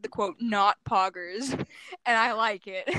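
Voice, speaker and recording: A woman's voice: medium pitch, takes it slowly, sharp tone, clear, resonant tone, dry recording, rough recording. A woman from the United States, chatting and telling stories with frequent laughs on a casual podcast. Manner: giggly, chatty storyteller. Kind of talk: casual chat.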